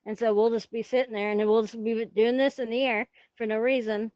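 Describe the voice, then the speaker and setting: A woman's voice: fairly high pitch, level tone, brisk, darkish tone, smooth, no room sound, dull audio. A woman guest chatting casually on a stream over a headset, rambling and giggling, breaking off to talk to her cat. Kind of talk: casual chat.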